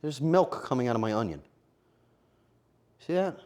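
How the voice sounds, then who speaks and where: Cooking while he livestreams, a male streamer chats casually and teases his viewers, hopping from one joke to the next. His mid-range voice moves up and down in a lively, animated way at a normal speed, full of playful banter.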